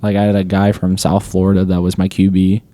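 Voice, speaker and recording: A man's voice: sits low, completely flat delivery, fairly quick, dark tone, dry recording. A young man, a student athlete, chatting casually in an interview with a laid-back, rambling manner and lots of fillers. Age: young adult.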